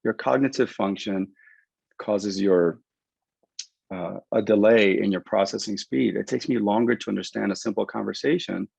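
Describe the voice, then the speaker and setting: A man working as a concussion rehab clinician, giving an animated explanatory webinar talk over a video call. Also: fairly low pitch, normal speed, gravelly, breathy edge, no echo. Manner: animated, explanatory, acts out patient quotes. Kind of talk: webinar presentation. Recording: dull lo-fi dry webinar audio.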